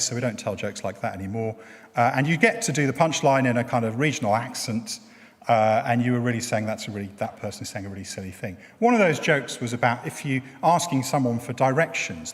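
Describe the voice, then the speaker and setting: A middle-aged preacher speaks at an average pitch for a man, giving his sermon in a relaxed, chatty way and explaining with everyday examples. His voice carries the long echo of a church hall.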